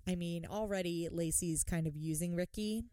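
A woman co-hosting a podcast, chatting casually and swearing freely as she recaps a TV episode with animated retellings. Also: on the low side, normal speed, very noisy. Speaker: podcast co-host. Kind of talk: casual chat recapping a TV show.

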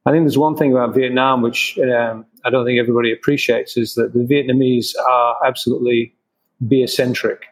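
A man's voice: medium pitch, fairly even intonation, fairly quick, rough recording. A man in an interview, a craft brewer answering questions with many restarts and fillers.

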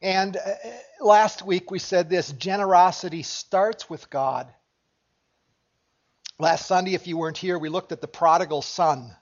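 A pastor delivers a sermon from a church with a notably high-pitched male voice. He talks with his congregation in a conversational way and puts questions to them as he goes. The sound is dull and lo-fi. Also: steady tone, a little slow. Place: church sanctuary.

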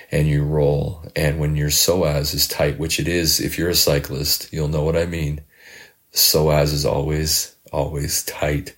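Speaking in a very deep, gravelly voice, a middle-aged man who hosts a podcast and works as a life coach muses aloud. His sincere monologue is halting, with frequent repeated words.

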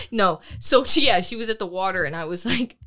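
A young woman telling a race story in casual podcast chat, animated, laughing often and swearing freely. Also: medium pitch, moderate pace. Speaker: podcast co-host.

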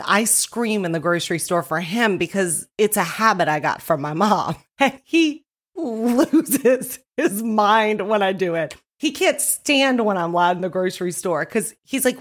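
A woman telling a story in a casual monologue, loud and animated, often laughing as she talks. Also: mid-range voice, measured pace.

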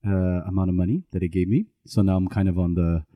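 A middle-aged man with a low, mellow voice chats casually on a podcast, rambling and correcting himself as he tells stories. The recording is dry and close. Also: quick pace, dry recording. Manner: rambling, self-correcting storyteller. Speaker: podcast co-host. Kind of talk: casual chat.

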